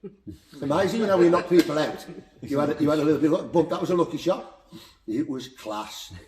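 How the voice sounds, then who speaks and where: A boxing coach with a Black Country accent, telling heartfelt stories in an animated, repetitive way as a podcast guest. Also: male voice, a little high, brisk, a little hiss or hum. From Black Country, England. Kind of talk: emotional storytelling in conversation. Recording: roomy echo.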